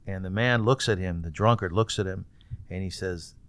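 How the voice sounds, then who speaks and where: A man with a smooth, resonant, somewhat low voice hosts an interview and tells a story with expressive shifts. The sound is dry and close to the mic. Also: normal speed, no echo. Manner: animated storyteller, acts out voices in anecdotes. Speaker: interviewer, host.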